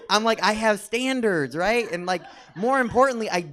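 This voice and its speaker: A man's voice: sits high, expressive, slow, fairly bright tone. A young adult man doing a stand-up comedy set, rambling and filling his talk with "like" and other fillers. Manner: rambling, filler-heavy with constant "like". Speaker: stand-up comedian and drag performer. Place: comedy theater stage.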